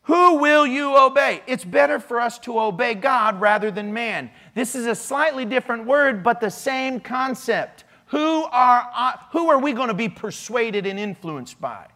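A man preaching a casual, joking sermon in a church, with animated swings in pitch and loudness. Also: normal speed, hardly any pauses. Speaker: pastor.

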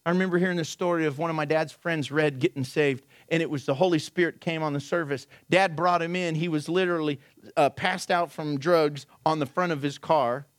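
A male pastor with a notably high voice preaches with energy, swinging from raised exclamations to soft, low asides. He asks his listeners rhetorical questions. The sound is close and dry, with no room echo. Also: fairly quick. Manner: animated storytelling with sudden drops to a low, quiet aside. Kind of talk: sermon.

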